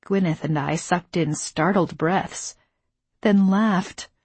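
A woman narrating a novel in the first person, measured and intimate, on a close studio mic. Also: on the low side, a little mellow, slightly rough, dry recording. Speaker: audiobook narrator.

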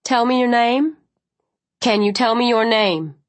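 Woman voicing a brisk young paramedic. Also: a little high, no echo, voice pushed up, natural voice. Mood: urgent, clinical. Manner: clipped, urgent questions.

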